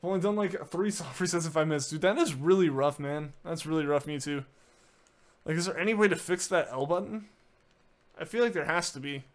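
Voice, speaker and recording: Brisk and a little high-pitched, a male streamer keeps up casual chat during a game and reads out replies to viewer messages. He uses lots of "like"s and often restarts what he's saying.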